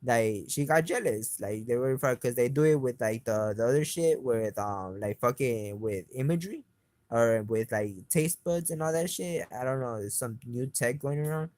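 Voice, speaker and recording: A man's voice: medium pitch, moderate pace, darkish tone, no room sound. A man giving a rambling, profane, agitated first-person account in an interview.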